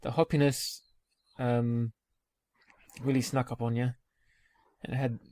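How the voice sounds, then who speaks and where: A man's voice: mid-range voice, level tone, measured pace, dark tone, dry recording. A man hosting a casual beer podcast, upbeat and asking his guests questions. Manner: upbeat, asks questions, laughs often. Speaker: podcast host. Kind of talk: casual chat.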